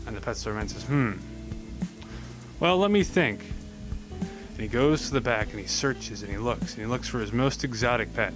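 A man's voice: fairly low pitch, steady tone, fast talker, few pauses, music in the background. A teenage boy presenting a school joke segment, telling a long rambling joke and checking in with "okay?".

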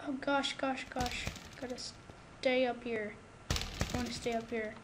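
Woman, high voice, unhurried delivery, excitable gamer commentary, noisy home mic with hiss. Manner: excitable, protests loudly when losing. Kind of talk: casual gameplay commentary. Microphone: new desktop microphone.

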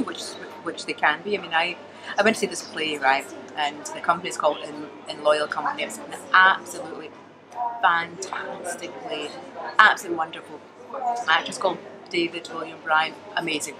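A woman's voice: low voice, background noise. Emphatic Scottish woman comedian. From Scotland. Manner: animated, emphatic storytelling. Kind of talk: casual interview chat.

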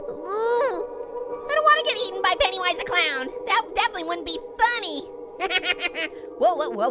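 A man's voice: very high voice, heavy background noise. A man voicing a wisecracking male talking orange as a cartoon character, chattering and punning between giggles while commenting on a game. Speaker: gaming channel host. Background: loud game music.

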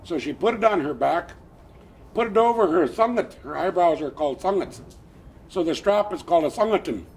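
Gravelly elderly male storyteller. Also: high voice, a little fast. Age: older. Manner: animated, plainspoken, chuckling asides. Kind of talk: oral traditional storytelling.

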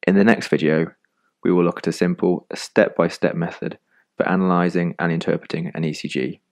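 Guy with a real low voice, calm steady explainer narration, close mic. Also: vocal fry. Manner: calm, measured explanatory delivery. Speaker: medical educator narrating an animated lesson. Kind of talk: scripted voice-over narration.

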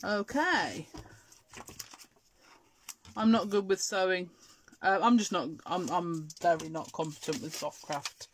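This craft show host, a middle-aged Scottish woman with an English accent, speaks slowly in a lowish voice and pauses often. She chats away during her live demonstration, responding to viewer comments while crafting. Slight background noise is audible.

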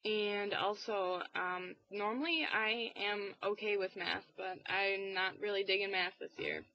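A teenage girl in a casual weekly vlog, talking in a rambling, low-key way with lots of fillers. She sounds tired and a bit under the weather. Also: fairly even intonation, unhurried. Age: teens. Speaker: vlogger. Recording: dull, dry lo-fi webcam audio.

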